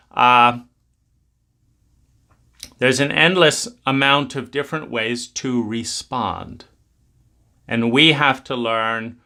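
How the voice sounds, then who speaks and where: A man's voice: medium pitch, pushed and bright. A man giving a reflective spoken talk, rambling with many restarts.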